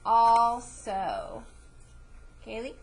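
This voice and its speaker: A woman teaching a classroom spelling lesson, patiently repeating each word and letter sound clearly for her students. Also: a little high, big pitch swings, very slow. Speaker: elementary school teacher.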